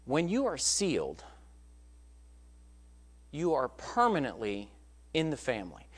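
A man's voice: medium pitch, huge pitch swings, slow. A man preaching a sermon, telling a story in an emphatic, conversational way.

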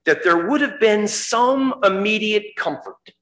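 A man preaching a sermon, dramatic, rising to fervent cries at the high points. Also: lively intonation, measured pace, sharp tone, reverberant.

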